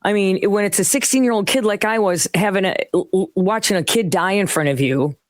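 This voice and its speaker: A middle-aged woman co-hosting a casual chat, joking and tossing off quick asides. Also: mid-range voice, no room sound, studio quality. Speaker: co-host.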